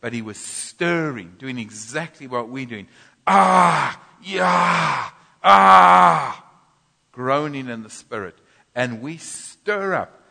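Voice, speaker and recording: A man preaching a sermon in a church, teaching from scripture with animated bursts of loud groaning. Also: mid-range voice, unhurried. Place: church hall. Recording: long church reverb.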